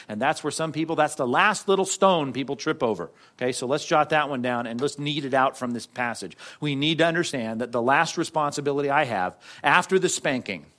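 A man preaching a sermon in a conversational way, with frequent asides to the congregation and sudden shifts from loud to soft. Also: medium pitch. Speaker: pastor.

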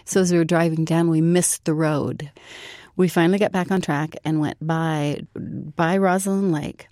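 A middle-aged woman recounts events in an earnest, step-by-step way, her voice sitting on the low side. The recording is dry and close, with no room sound behind her. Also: fairly even intonation, a little slow, dark tone, no echo. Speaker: interview guest. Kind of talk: storytelling in an interview.

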